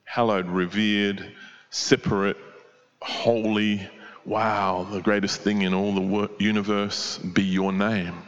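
A man's voice: lowish voice, little pitch movement, slow pace, long reverb tail, highs cut off. A man preaching a sermon and explaining a prayer line by line, with many rhetorical questions. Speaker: pastor.

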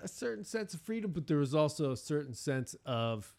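A man's voice: a little high, sing-song, a little fast, gravelly, darkish tone. Rambling middle-aged man chatting casually. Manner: rambling, many restarts and fillers. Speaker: podcast host. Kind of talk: casual chat.

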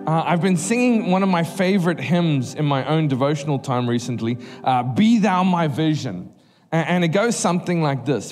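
A man's voice: on the high side, normal speed. New man preaching in a reverberant hall. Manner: conversational, lively storytelling. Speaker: guest preacher. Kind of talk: sermon. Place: church hall. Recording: live hall reverb with faint music.

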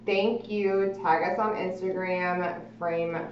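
A woman chatting playfully with friends, quick to laugh. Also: on the low side, steady tone, slight background noise. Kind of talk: casual chat among friends. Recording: echoey room, distant lo-fi mic.

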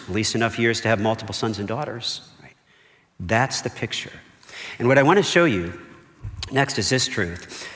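A man's voice: mid-range voice, fairly bright tone. Man preaching in a reverberant hall. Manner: conversational preaching, frequent "okay?" and "right?" checks. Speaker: pastor. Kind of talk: sermon.

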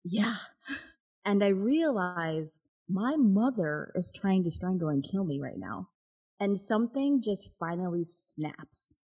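A woman's voice: mid-range voice, animated, takes it slowly, warm tone, breathy edge, poor audio. A woman guest telling a personal story in an interview, candid and open, laughing now and then. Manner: candid, with frequent restarts and nervous laughs.

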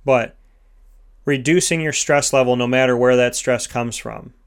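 An earnest man delivers a motivational self-help talk. He builds his points through repeated, emphatic lists. His pitch sits at an ordinary middle for a man. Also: steady tone, normal speed, clear, resonant tone. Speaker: host of a sponsored motivational segment.

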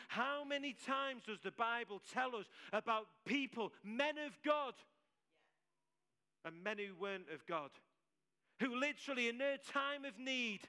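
A man delivers a sermon to a church congregation with a notably high, bright and forceful voice. He talks with emphatic conviction and keeps doubling his key phrases to drive them home. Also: clean tone. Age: adult with several children. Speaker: preacher.

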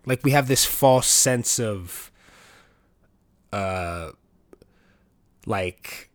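A man's voice: fairly low pitch, very slow, no echo. A man hosting a podcast, talking in a casual, rambling monologue full of swearing, with his voice jumping up when he acts out other people. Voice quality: profane, rambling, animated when quoting others. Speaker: podcast host.

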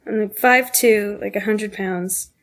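Young woman telling her story haltingly. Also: medium pitch, fairly even intonation. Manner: halting, full of "um" and "like", earnest. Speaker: podcast guest. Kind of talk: candid personal storytelling.

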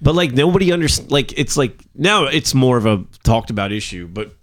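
A man's voice: medium pitch, expressive, brisk. Rambling, profane man telling stories. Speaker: podcast co-host. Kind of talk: casual chat, storytelling.

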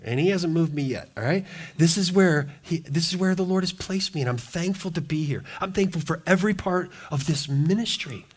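A man's voice: sits high, normal speed, breathy edge. A middle-aged male pastor preaching a sermon with passionate, emphatic delivery and repeated phrases.

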